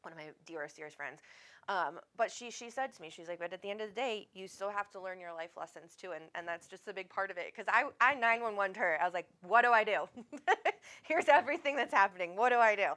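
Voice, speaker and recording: A woman's voice: medium pitch, fast, sharp tone. A woman, hosting a live stream as a psychic medium, chatting casually, reading viewer comments aloud, laughing often and swearing freely.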